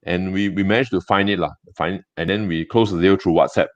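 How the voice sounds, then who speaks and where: Low-voiced Singaporean man telling stories. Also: fairly even intonation, no echo. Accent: Singaporean English. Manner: chatty, halting with many restarts and fillers. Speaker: gem and jewelry business owner. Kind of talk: casual interview storytelling. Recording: dull dry lo-fi sound.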